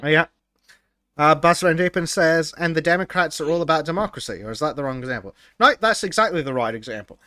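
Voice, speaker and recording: A man's voice: fairly high pitch, quick pace, bright, forceful tone, dry recording. Chuckling man reading out chat comments. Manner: laughs often, stumbles and restarts. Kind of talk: casual podcast chat.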